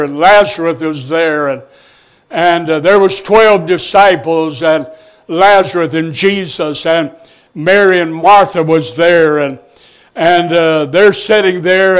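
A man's voice: high voice, smooth. A man preaching a sermon, retelling a story and stopping often on "and, uh" fillers. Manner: storytelling, halting with many "and, uh" fillers.

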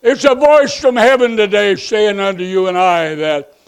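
A man preaching as a pastor, swinging between loud pleading rises and soft low passages, repeating phrases for emphasis. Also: normal speed, clear, resonant tone. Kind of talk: preaching sermon.

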